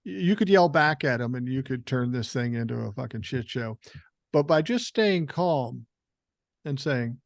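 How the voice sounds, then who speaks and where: A man's voice: mid-range voice, lively intonation, normal speed, creaky, no room sound, clean studio sound. An older man hosting a podcast in casual conversation, blunt and swearing freely, often repeating words as he starts a thought. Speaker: podcast host.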